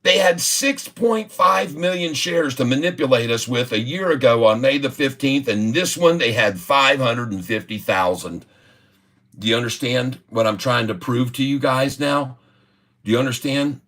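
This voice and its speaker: A man's voice: mid-range voice, moderate pace, fairly bright tone. A middle-aged man ranting indignantly in a livestream of stock commentary. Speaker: stock market streamer.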